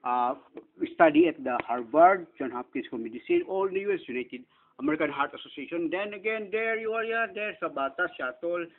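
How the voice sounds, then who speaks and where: A man's voice: on the high side, expressive, brisk. Filipino man rambling on a tinny line. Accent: Filipino (Cebuano). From Philippines. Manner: rambling, frequent tag questions. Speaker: channel owner and inventor. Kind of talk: casual screen walkthrough. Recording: tinny phone-like audio, faint hiss.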